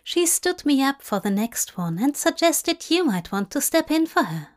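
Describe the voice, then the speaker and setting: A woman voicing Aziraphale, a nervous, eager young man who speaks softly and hopefully, in a fanfic reading. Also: sits high, very animated, moderate pace, voice pushed up. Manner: soft-spoken, hopeful.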